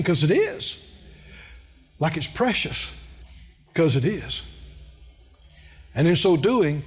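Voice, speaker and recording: Male preacher, middle-aged, folksy and emphatic, high voice, lots of pitch movement. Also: husky. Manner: emphatic, folksy, repeats phrases for stress. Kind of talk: sermon.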